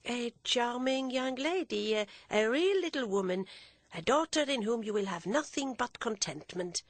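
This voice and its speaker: A woman voicing a gentle, modest elderly French nun who speaks slowly and carefully. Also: fairly high pitch, lively intonation, no echo, voice pushed up. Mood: earnest.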